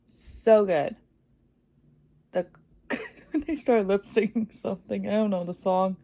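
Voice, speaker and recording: Chatty excited woman gushing about a movie she loved, mellow warm voice. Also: mid-range voice, a little slow. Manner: gushing, chatty, many fillers, laughs often. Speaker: movie reviewer. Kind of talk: casual spoiler review vlog.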